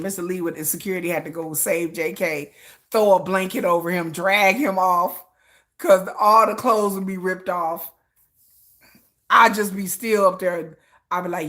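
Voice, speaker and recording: Her voice on the low side and her pace moderate, a female commentary host delivers a comedic story. She acts out screams and shouts with lively energy and keeps breaking into laughter.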